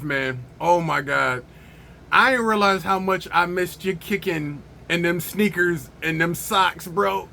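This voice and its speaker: A man hosting a casual movie review, talking in excited slang and often breaking into laughter. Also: high-pitched, slight background noise.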